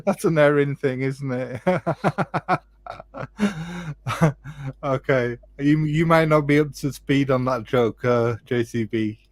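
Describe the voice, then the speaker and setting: A man hosting a live watch chat, relaxed and jokey, thinking aloud with plenty of fillers. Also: medium pitch, slow, no echo. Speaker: watch show host.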